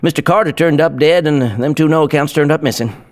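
An actor playing a nervous, talkative small-town barber who speaks in a folksy, stammering way. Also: male voice, on the high side, brisk, natural voice.

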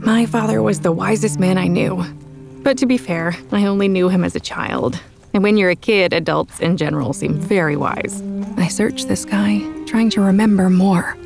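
A young woman narrating a first-person audiobook in a soft, intimate, reflective way. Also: medium pitch, normal speed, gravelly. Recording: with background music.

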